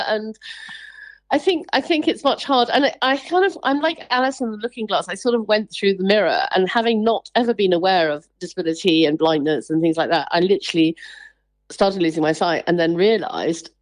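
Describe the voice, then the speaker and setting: Lively woman telling stories, dry studio sound. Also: mid-range voice, brisk, no echo, low-quality recording. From England. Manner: lively storyteller, acts out quoted voices, laughs often. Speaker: interview guest, writer. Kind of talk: radio interview, personal anecdotes.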